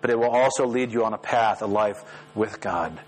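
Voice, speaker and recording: A man preaching a sermon as pastor, lively and rising sharply in pitch when he voices the prayers. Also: moderate pace, poor audio. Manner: animated, rises sharply when voicing prayers. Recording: faint mains hum.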